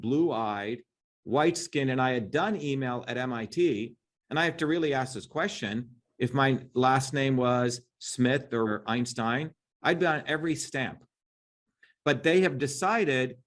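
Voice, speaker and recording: A middle-aged man as an interview guest, talking emphatically and combatively, often tagging on "right?". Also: fairly high pitch. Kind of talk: impassioned interview talk.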